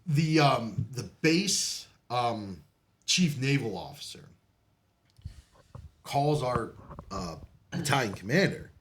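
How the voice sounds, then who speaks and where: A man's voice: a little high, a bit bright. Profane laughing man swapping war stories. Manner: profane, laughs often between lines. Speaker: podcast guest, Marine veteran. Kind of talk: casual storytelling.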